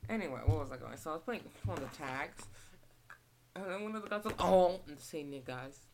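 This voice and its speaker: A woman's voice: deep voice, expressive, a little fast, crowd noise. A young Australian woman ranting casually about her retail job, rambling and acting out exchanges with customers. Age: young adult. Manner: rambling, chatty, acts out shop exchanges. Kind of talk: casual rant vlog.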